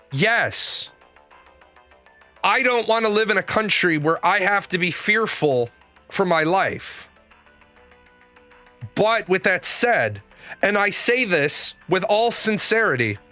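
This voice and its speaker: Blunt, profane man with a bright voice. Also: high voice. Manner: blunt, profane, rambling storytelling. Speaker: show host. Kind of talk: casual monologue.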